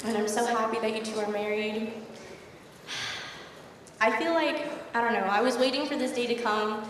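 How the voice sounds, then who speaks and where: A woman's voice: a little high, moderate pace, a little hiss or hum. A young woman, the bride's daughter, giving a gushing, emotional wedding toast at a reception. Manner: emotional, gushing, laughing through tears. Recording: echoey hall from far off, crowd.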